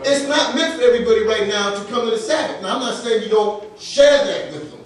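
A man's voice: high-pitched, expressive, fast talker. A male pastor preaching a sermon, telling a personal story with laughter and acting out the dialogue. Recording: echoey room, voice from far off the mic.

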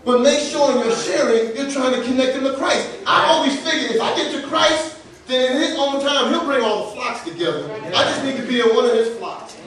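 A male pastor with a high voice preaches and tells a story, laughing as he acts out both sides of a conversation. He is heard from some distance off the mic, and the hall around him rings with heavy echo. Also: brisk. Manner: animated, laughing storyteller acting out dialogue. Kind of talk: sermon with personal storytelling. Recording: echoey room, voice from far off the mic.

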